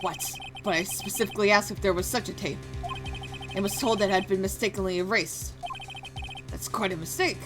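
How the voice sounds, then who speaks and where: A woman voicing a calm young male defense attorney with measured, dry questioning. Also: mid-range voice, music in the background, pitched below the performer's own voice, lightly acted.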